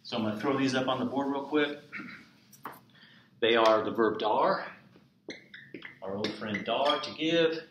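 Slow, methodical male teacher. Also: mid-range voice. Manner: methodical, repeats examples step by step. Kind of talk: classroom lecture. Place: empty classroom. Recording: echoey classroom with steady noise.

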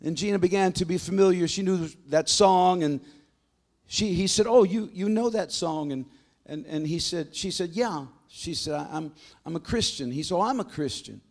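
A man pastor preaching a sermon, telling stories in a dramatic storytelling manner and building to forceful proclamations. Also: fairly high pitch, moderate pace.

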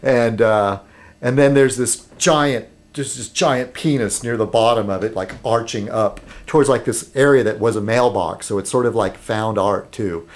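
Speaking in a lowish voice, a man records a rambling, casual vlog at home. He falters, restarts and fills pauses, but becomes lively as he copies the way others talk.

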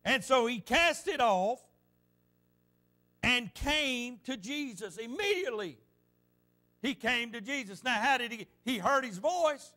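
A man's voice: very high-pitched, animated, measured pace, long pauses, pushed and bright. A male pastor preaching a sermon in a fervent, repetitive style and weaving personal stories into it.

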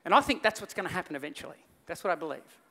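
Animated pastor in a reverberant church. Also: male voice, on the high side, rapid-fire. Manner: animated storytelling, acts out voices in the story. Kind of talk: sermon. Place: church hall.

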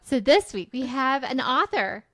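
A woman co-hosting a podcast in excited, casual chat, laughing often and gasping with delight. Her voice is high and bright, with a lot of pitch movement. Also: unhurried. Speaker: podcast co-host.

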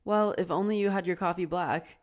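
A woman voicing a bold, quick-tempered teenage girl who fires off sarcastic comebacks. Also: fairly low pitch, darkish tone, close to an everyday voice. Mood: bright.

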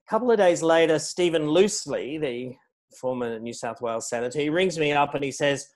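A middle-aged man giving a public lecture as guest speaker, measured and anecdotal, stressing key words. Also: a little high. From Australia. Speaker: guest speaker on foreign policy.

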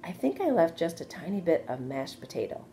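A woman's voice: big pitch swings, fairly quick, dark tone, slight background noise. A woman voicing a young, anxious and eager male pig in a read-aloud storybook, earnest and pleading. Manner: earnest, pleading, higher than her narration.

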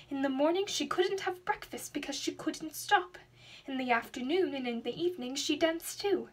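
A young woman reading a children's storybook aloud in an expressive, dramatic way. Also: sits high. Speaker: student reader.

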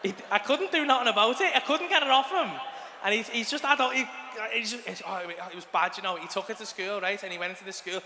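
A man's voice: high-pitched, fast talker, bright, forceful tone, slight background noise. A man doing stand-up, telling a crude story with lots of swearing and chatty asides. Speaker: stand-up comedian. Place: live comedy venue, large hall. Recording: live hall with long reverb.

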